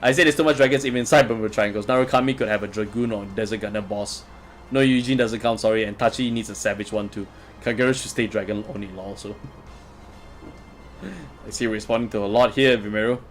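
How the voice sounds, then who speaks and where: A man with a fairly low voice speaks fast, soft music in the background. Hosting a relaxed livestream, he reads the chat aloud and responds in a chatty way, often chuckling.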